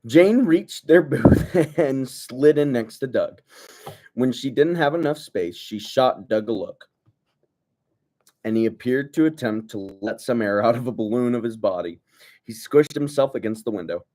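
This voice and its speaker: A man's voice: mid-range voice, animated, a little slow, dark tone. A young man reading a novel aloud casually, stumbling over words and breaking off into mock rants. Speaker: book reader. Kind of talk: casual read-aloud with jokey asides.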